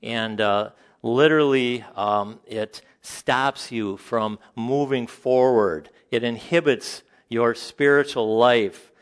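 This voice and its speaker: A man preaching a sermon to a congregation, conversational and halting, with frequent fillers and joking asides. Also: mid-range voice. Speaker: pastor.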